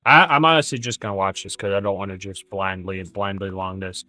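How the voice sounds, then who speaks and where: A man's voice: low-pitched, steady tone, fairly quick, bright, forceful tone, no room sound. Rambling, joking male trading streamer. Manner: rambling and jokey, with many stammered restarts. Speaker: day trading livestream host. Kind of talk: casual livestream chat.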